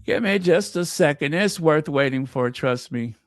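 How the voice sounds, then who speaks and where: A male royal gossip channel host chats casually, talking under his breath as he looks for something and tripping over words. His voice is on the high side, animated and moderately paced. The studio-quality recording has no echo.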